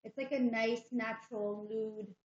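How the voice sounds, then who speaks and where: A woman with a fairly high voice gushes about makeup on a casual livestream. She repeats her praise again and again. The room is echoey and the sound is dull. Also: steady tone, measured pace. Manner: enthusiastic, gushing, repeats herself. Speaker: livestream co-host.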